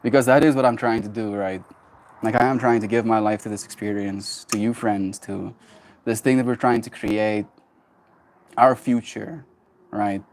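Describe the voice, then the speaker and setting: A man in his twenties, a streamer telling a personal story in a casual livestream, emphatic and quick to laugh. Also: lowish voice. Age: 20s. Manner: animated and emphatic, laughs often, swears.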